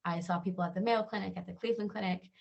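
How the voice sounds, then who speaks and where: A woman from Georgia speaks. She tells her own story to camera in a sincere, conversational way. Her voice sits at an ordinary middle pitch. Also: steady tone, rapid-fire, gravelly, highs cut off. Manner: earnest storytelling, acts out quoted voices. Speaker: wellness channel host. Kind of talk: personal story told to camera.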